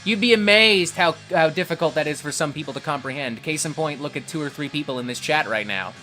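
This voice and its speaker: A man's voice: a little high, fast talker, pushed and bright, soft background music. A man hosting a livestream, reading chat and ranting in a profane, combative way. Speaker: livestream host.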